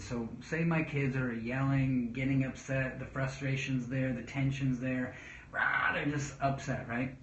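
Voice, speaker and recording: A man who is a children's pastor, giving casual parenting advice to camera in a rambling way with restarts. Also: mid-range voice. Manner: rambling, with restarts and calm demonstrations of speech. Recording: roomy, dull sound with faint noise.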